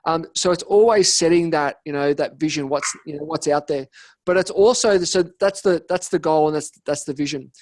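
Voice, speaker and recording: In a slightly high voice at normal speed, this Australian business coach chats as a podcast guest in a casual interview. He spins lively stories and performs the dialogue of whoever he's quoting. There's no room sound on the recording.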